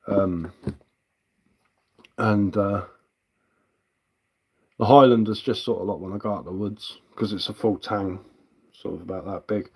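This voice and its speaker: Low-voiced man chatting on a live stream. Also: darkish tone. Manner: easygoing, chatty, answers viewer comments. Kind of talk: casual live stream chat.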